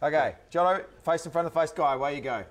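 A man, hosting casual chat and directing a party game. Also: a little high. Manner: directing the game, brisk instructions. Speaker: host.

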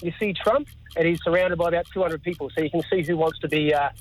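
A man's voice: fairly high pitch, steady tone, fast talker, slight background noise, poor audio. A man calling in to a radio show, telling a story with lots of hesitations. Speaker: caller. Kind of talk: phone-in anecdote.

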